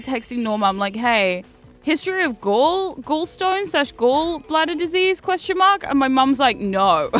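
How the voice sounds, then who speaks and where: A woman's voice: high-pitched, fairly bright tone. A woman, chatting casually as a streamer while gaming, swearing freely and laughing often.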